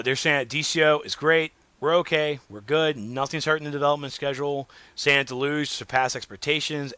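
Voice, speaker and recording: A man hosting a casual solo gaming podcast, rambling and animated, swinging between loud remarks and muttered asides. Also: medium pitch, smooth, no echo. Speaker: podcast host.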